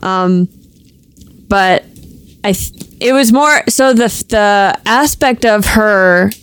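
A woman's voice: mid-range voice, takes it slowly, clean tone, no room sound. A woman chatting on a podcast as a tabletop game player, explaining at length with fillers. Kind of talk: casual podcast chat.

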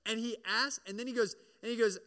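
A man preaching a sermon as pastor, in an animated, conversational way, often checking in with "right?" and acting out the prayers he quotes. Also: very high voice, a little fast. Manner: acts out prayers and voices in quoted lines. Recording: long hall reverb.

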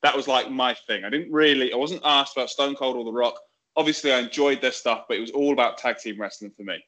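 A man's voice: medium pitch, fast talker, sharp tone. A man chatting as a guest on a talk show, amused and easygoing. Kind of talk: casual chat.

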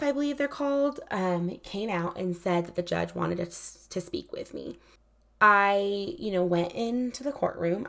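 A woman's voice: medium pitch, creaky. A woman telling a painful personal story in casual, candid speech, full of "like" fillers. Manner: frequent "like" fillers, candid and emotional.

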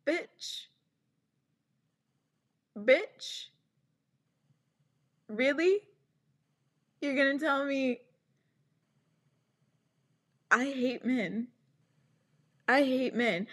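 A young woman hosting a casual podcast, venting with sarcastic exasperation and frequent swearing. Her voice sits a little high, and she takes her time. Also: lively intonation, takes it slowly, pauses often, a bit bright. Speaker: podcast host.

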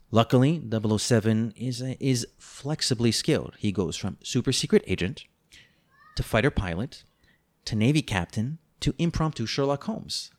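A man's voice: lowish voice, a little mellow. A man co-hosting a book-review podcast, reading a plot summary with playful, teasing, mock-dramatic asides. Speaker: podcast co-host.

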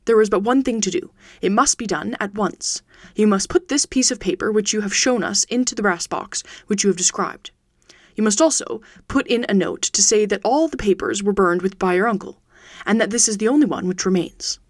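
A woman voicing a brisk, commanding male detective who speaks urgently and insistently. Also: mid-range voice, no echo, studio quality, lightly acted.

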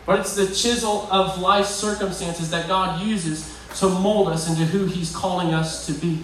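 A man's voice: sits high, steady tone, normal speed, a bit bright, slight background noise. A man preaching a conversational, provoking sermon to young people, often asking the crowd questions. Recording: very echoey hall, voice from far off.

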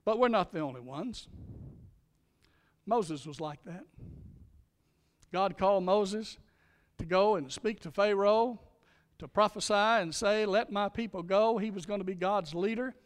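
A male pastor delivering a sermon with emphatic preaching, slowing down and speeding up to stress his points. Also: high voice, in a large hall.

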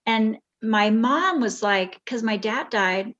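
A woman's voice: a little high, expressive, takes it slowly. Older woman rambling through memories, lo-fi. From Bay Area, California. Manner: rambling, warm reminiscing with restarts. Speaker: podcast guest. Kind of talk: casual storytelling.

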